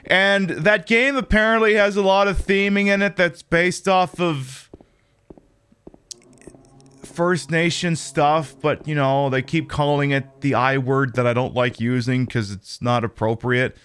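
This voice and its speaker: A man's voice: fairly high pitch, steady tone, measured pace, fairly bright tone, clean tone. A man streaming a horror game, chatting casually in a rambling, opinionated way with lots of fillers. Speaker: livestreamer. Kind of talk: casual gameplay commentary.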